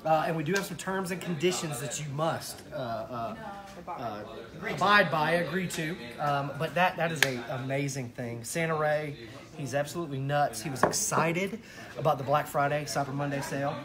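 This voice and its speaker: A man hosting a live show in casual chat, excitedly promoting a giveaway. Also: fairly high pitch, moderate pace, crowd noise. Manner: excited, animated promo talk. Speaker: show host.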